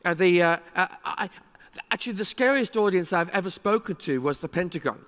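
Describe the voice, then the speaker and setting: A man delivering a conference keynote with lively, emphatic energy, his voice sitting high for a man. The sound carries a long reverberant tail from a large hall around him. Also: brisk. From England. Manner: animated, emphatic, with rising exclamations. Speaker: keynote speaker.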